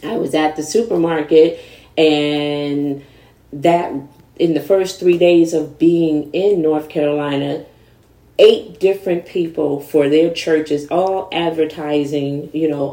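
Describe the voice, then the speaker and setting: A woman's voice: low voice, slow, roomy sound, far from the mic, poor audio. A woman, a guest in a candid conversation, telling her story animatedly and acting out the people in it. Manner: animated, acts out quoted voices.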